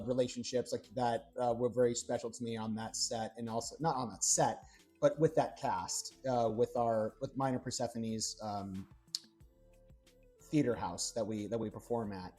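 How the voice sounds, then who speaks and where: A man's voice: medium pitch, normal speed, dark tone. A young man chatting casually on a live stream while he cooks, rambling through stories and answering chat. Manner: rambling storyteller, talks to chat. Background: faint background music.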